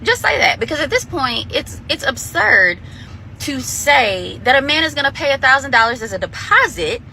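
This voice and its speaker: Woman ranting in a clip, bright voice, kinda high, faint noise behind. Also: very animated, moderate pace, poor audio. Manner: incredulous, questioning. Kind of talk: casual commentary video.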